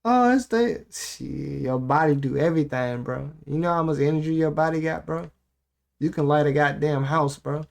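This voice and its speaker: A man's voice: on the high side, normal speed, creaky. A man hosting his channel, reacting to an audiobook in casual, slangy commentary aimed straight at his viewers.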